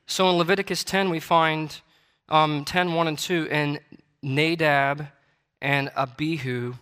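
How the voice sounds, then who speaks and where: A man's voice: fairly high pitch, steady tone, measured pace, pushed and bright, clean tone. A male preacher delivering a sermon in church, reading scripture and building to emphatic, repeated declarations. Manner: preaching with rising intensity and emphatic repetition; reads scripture aloud in King James wording. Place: church sanctuary. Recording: long hall reverb.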